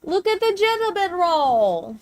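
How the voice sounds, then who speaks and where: A woman's voice: very high voice, sing-song, a little slow, no room sound. A woman streamer chatting casually while showing pictures, gushing and cooing in baby talk, with casual swearing.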